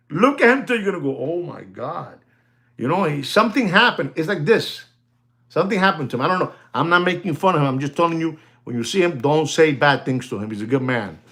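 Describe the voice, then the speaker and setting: A man selling watches in a casual, rambling talk, often calling out to ladies and gentlemen and laughing as he goes. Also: a little high. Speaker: watch dealer. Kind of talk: casual chat.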